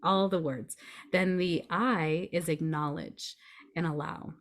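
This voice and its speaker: A woman's voice: fairly low pitch, steady tone, takes it slowly. A woman guest on a podcast, a grief coach explaining her method step by step in a reassuring way. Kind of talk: podcast conversation.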